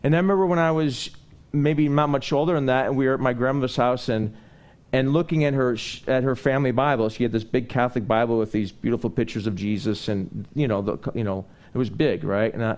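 A fast-talking man with a medium-pitched voice delivers a sermon, meandering conversationally through his own stories. Eventually he works up into animated preaching.

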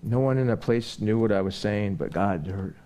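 A man preaching a sermon, telling personal stories in a rambling, conversational way and building into animated preaching. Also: lowish voice, normal speed.

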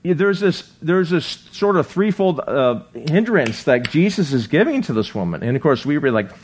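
A man's voice: on the high side, very animated, moderate pace, breathy edge. Conversational man preaching, voice slightly raised. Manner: conversational, often asks "right?"; reads scripture aloud, acts out quotes. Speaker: pastor. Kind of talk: sermon.

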